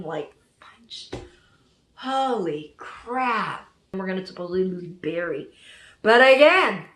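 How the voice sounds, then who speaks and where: A woman giving an excited reaction review of a TV episode, gushing and thinking out loud as she goes. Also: a little high, reverberant.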